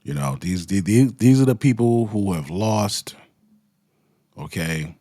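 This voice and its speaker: A man's voice: lowish voice, expressive, a little slow, dark tone, no room sound. Heated, profane man ranting. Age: adult with children. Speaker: commentary host. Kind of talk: ranting commentary.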